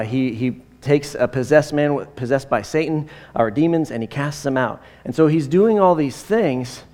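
A man in his forties delivering a sermon like a chat, drifting into personal tangents with plenty of fillers before getting back to the scripture. His voice sits at a middling pitch. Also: darkish tone. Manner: conversational, rambling with fillers and asides. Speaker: pastor.

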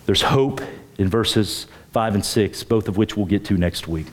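A pastor preaching a sermon, emphatic, with his pitch climbing on key points and repeating words as he starts phrases. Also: lively intonation, a little slow.

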